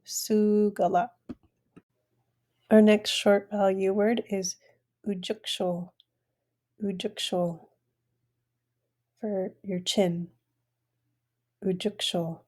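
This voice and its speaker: A woman teaching an online language class, pronouncing each word slowly and repeating it for learners. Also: mid-range voice, level tone, a little mellow. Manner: slow, careful word-by-word pronunciation, repeating each word.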